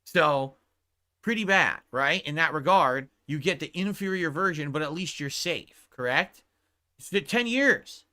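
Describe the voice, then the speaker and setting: A man's voice: fairly high pitch, expressive, a little slow, sharp tone. A male streamer on a heated, profane rant who keeps checking his point with 'right?'. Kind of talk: angry livestream rant.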